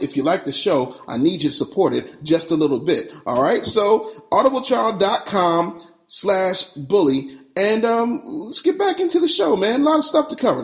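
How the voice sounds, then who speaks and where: A man hosting a business podcast, talking in a brash, in-your-face, streetwise way. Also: fairly high pitch. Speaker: podcast host and business coach. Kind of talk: casual podcast talk and ad reads.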